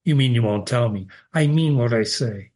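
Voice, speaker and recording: A man's voice: medium pitch, moderate pace, darkish tone, lightly acted. A man reading a cold, guarded spinster. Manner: clipped and frozen.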